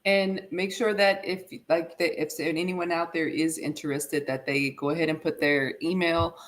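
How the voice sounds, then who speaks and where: A woman with a notably low voice co-hosts a casual talk. She explains at length, circling back and restarting phrases as she builds her point. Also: steady tone, normal speed. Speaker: co-host.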